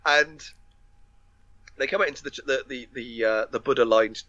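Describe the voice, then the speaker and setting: A man's voice: mid-range voice, normal speed, pushed and bright, no room sound, dull audio. A man co-hosting a podcast, retelling a film plot in casual chat with lots of fillers, restarts and laughter. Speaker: podcast co-host.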